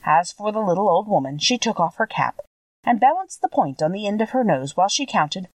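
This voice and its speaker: A woman's voice: medium pitch, very animated, a little fast, no echo, distant mic. A woman narrating a classic children's story, reading expressively.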